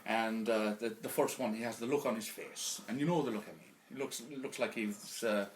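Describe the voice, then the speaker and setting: A man's voice: fairly low pitch, moderate pace, slight background noise. A man doing a stand-up routine of pub jokes, rambling through his stories with lots of restarts and fillers. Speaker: comedian. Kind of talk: stand-up pub joke telling.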